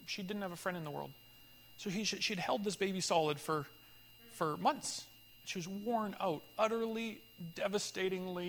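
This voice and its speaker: A man leading a church group, telling a story in a lively conversational way and acting out the voices of people in it. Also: high voice, long reverb tail. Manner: animated storyteller, acts out dialogue, laughs often. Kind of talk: conversational teaching talk with storytelling.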